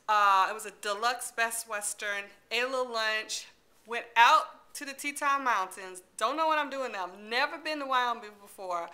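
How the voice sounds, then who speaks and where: A middle-aged woman from Detroit, a library storyteller telling a chatty story, animated and quick to laugh, acting out her own lines. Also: a little high. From Detroit, USA.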